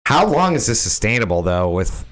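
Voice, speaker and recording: A man's voice: fairly low pitch, very animated, a little fast, a bit bright. A man co-hosting a casual sports podcast, chiming in with short agreements and questions. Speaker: podcast co-host.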